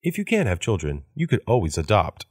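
A man reading English practice sentences aloud in a measured way for learners. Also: fairly low pitch, huge pitch swings, slightly rough, dry recording, clean studio sound. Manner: measured, repeats each sentence after the woman. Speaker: English phrase reader.

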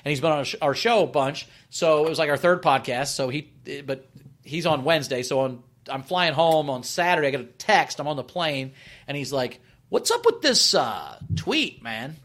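A man, a stand-up comedian, telling stories on a podcast in an animated, self-mocking way with lots of swearing. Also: on the high side, brisk. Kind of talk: comedic storytelling. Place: podcast studio.

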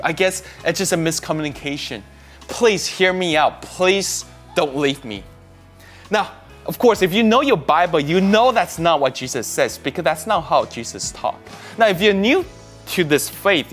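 A man's voice: on the high side, fairly bright tone. A man preaching a sermon, emphatic, pushing up on key words and often restarting his phrases. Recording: faint music behind.

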